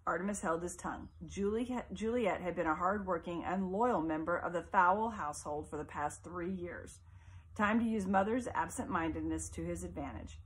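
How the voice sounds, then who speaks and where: A woman reading a novel aloud as audiobook narration in a measured, expressive way. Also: fairly low pitch. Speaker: audiobook reader.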